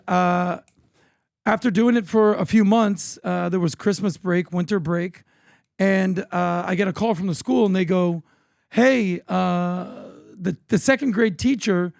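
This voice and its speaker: A man's voice: sits high, unhurried, creaky, a little mellow, no room sound, clean studio sound. A man in his thirties, from Florida, co-hosting a podcast and telling stories with energy, acting out the people he quotes. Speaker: podcast co-host. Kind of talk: animated storytelling chat.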